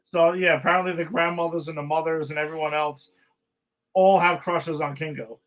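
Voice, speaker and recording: A man's voice: on the high side, steady tone, moderate pace, fairly bright tone, low-quality recording. A man co-hosting a podcast, casually recapping TV episodes and retelling scenes in a rambling way. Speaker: podcast co-host.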